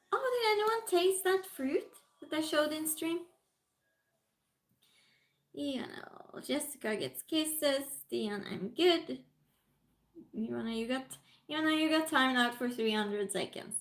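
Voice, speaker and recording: Heard over a rough recording, a high-pitched woman runs a casual livestream, giggling and chatting as she says hello to viewers and reads out what they've commented.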